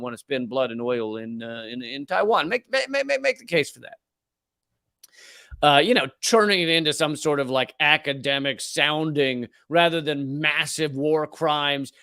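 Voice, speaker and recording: Studio-quality audio with no echo captures a male comedian host whose voice is fairly high and fairly bright. His political commentary is a profane rant full of sarcastic mockery.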